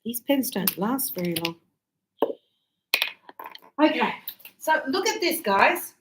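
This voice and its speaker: A woman teaching a grammar class, speaking very slowly and drawing out each key word. Her voice sits a little high. The room is echoey, picked up by a camera across the room. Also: big pitch swings, very noisy. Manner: slow, deliberate, stretching key words. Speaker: English teacher.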